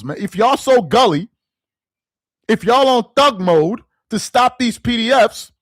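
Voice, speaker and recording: A man's voice: extremely high pitch, no room sound. A man hosting a sports commentary channel, ranting to camera in an exasperated voice and hammering the same phrases over and over. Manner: exasperated, repeats phrases for emphasis.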